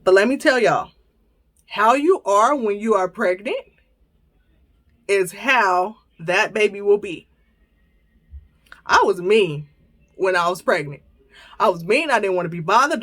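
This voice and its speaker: A woman, hosting a podcast and telling a personal story to her listeners in a casual, animated way, laughing as she goes and acting out her own quoted lines. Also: medium pitch, measured pace, pauses often. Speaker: podcast host.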